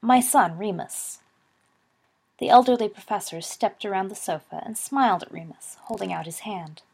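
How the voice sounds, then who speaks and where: Woman narrator for a storybook reading; gravelly, husky voice, steady pace. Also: medium pitch, brisk. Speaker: reader.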